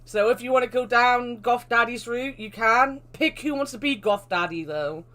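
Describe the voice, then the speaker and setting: A woman's voice: a little high, a bit bright. A woman hosting a stream, bantering and laughing with friends in a voice chat. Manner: bossy, laughing, quick to tease. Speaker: streamer host.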